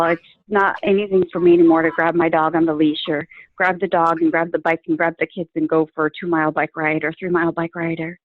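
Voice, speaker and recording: A woman's voice: lowish voice, no room sound. Woman on a tinny, phone-like line. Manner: earnest, with frequent fillers. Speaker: guest sharing her coaching story. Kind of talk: casual interview.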